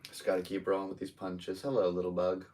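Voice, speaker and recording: A man's voice: low-pitched, little pitch movement, a little fast, darkish tone, far from the mic. A man in his thirties with an American accent, hosting a solo live podcast and chatting casually and rambling to his viewers. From United States. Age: 30s. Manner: rambling, easygoing, talks to viewers. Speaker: podcast host and stand-up comedian. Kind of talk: casual solo livestream chat.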